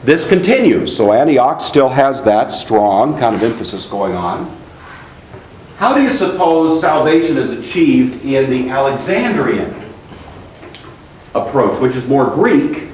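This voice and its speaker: A man's voice: mid-range voice, big pitch swings, measured pace, a little mellow. A male teacher giving a classroom lecture, putting questions to students and then explaining at length. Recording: echoey classroom with faint noise.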